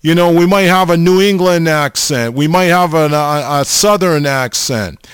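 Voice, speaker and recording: A man preaching an informal sermon, slow and halting, often pausing and restarting as he addresses his listeners. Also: a little high, clear, resonant tone, dry recording. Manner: slow, halting, repeats the audience name often.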